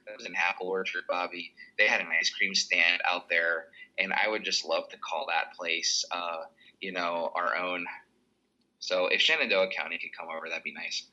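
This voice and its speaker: A man co-hosting a podcast, chatting in an earnest, animated way. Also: deep voice, moderate pace, highs cut off. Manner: earnest, animated, slips into impressions. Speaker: podcast co-host. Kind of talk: casual chat.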